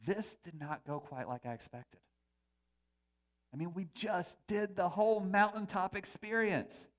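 A male pastor preaches to his congregation in a church sanctuary, keeping the sermon loose and conversational at a measured pace. His voice sits a little higher than most men's, and he moves between earnest points and playful, joking asides.

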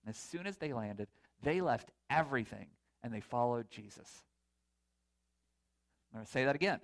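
A man's voice: medium pitch, expressive, moderate pace, vocal fry. A man preaching a conversational sermon to a live congregation, retelling a story and asking the audience to raise their hands. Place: church or hall before a live congregation.

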